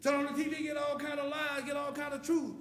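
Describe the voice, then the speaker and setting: A man preaching a sermon, telling stories and building to impassioned shouts. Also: very high-pitched, monotone, fast. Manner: impassioned, storytelling, rising to shouts. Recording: echoey hall with long reverb.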